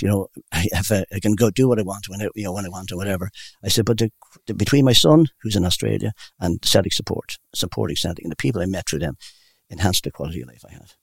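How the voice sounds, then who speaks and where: A man's voice: sits low, gravelly, breathy edge, no room sound. An older man telling rambling personal stories in a casual interview. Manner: rambling, warm anecdotal storyteller. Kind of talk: casual storytelling.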